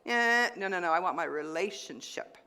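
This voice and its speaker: Lady preacher telling her story, goes loud then whispery, big echoey church. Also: fairly low pitch, lively intonation, moderate pace, clean tone. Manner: dramatic swings between loud and hushed. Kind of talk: sermon with personal testimony. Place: church sanctuary.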